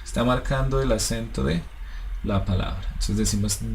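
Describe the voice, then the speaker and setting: A man's voice: fairly low pitch, fairly quick, a little mellow, slight background noise, poor audio. A man, patiently teaching a one-on-one English lesson and switching to to explain.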